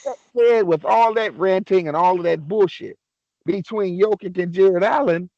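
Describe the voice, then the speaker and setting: A young man on a casual sports podcast, ranting excitably and swearing a lot. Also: sits high, normal speed, vocal fry, dry recording, muffled recording. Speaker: podcast co-host.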